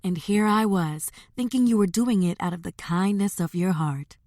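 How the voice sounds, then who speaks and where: A woman voicing a young single mother who is guarded but lively with her family. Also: mid-range voice, moderate pace, no echo, studio quality, lightly acted. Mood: firm.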